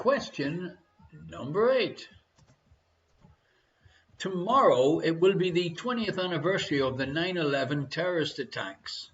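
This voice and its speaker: High-voiced Irish quiz host, bright tone. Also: male voice, expressive, unhurried, long pauses. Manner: jokey, repeats each question, banters with his partner off-mic. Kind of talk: hosting a live online quiz show. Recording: dull lo-fi stream audio.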